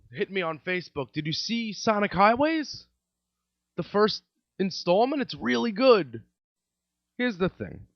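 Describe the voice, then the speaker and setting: Man, comedy podcast host, sarcastic rant, high lively pitch, dry lo-fi recording. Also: dry recording. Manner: ranting, sarcastic, repetitive. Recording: dry, dull lo-fi sound.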